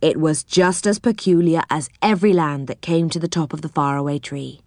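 A woman narrating a children's storybook in a clear, steady, gentle voice. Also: low voice, brisk, no room sound, clean studio sound. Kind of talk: reading a children's storybook aloud.

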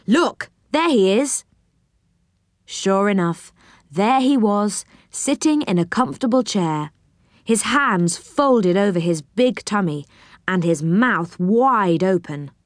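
A woman reading a children's storybook aloud in a slow, clear, expressive way. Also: medium pitch, dry recording, clean studio sound. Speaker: narrator.

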